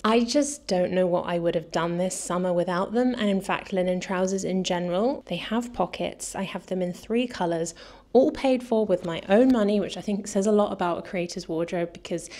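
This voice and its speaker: A woman's voice: on the low side, darkish tone. A British woman from the UK chatting enthusiastically through a fashion haul, a little out of breath. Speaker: fashion vlogger. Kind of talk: casual try-on haul chat.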